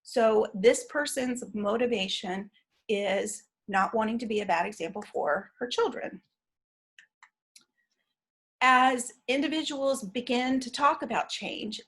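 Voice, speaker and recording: A woman teaching an online training session, explaining in a measured way with frequent fillers and restarts. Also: a little high.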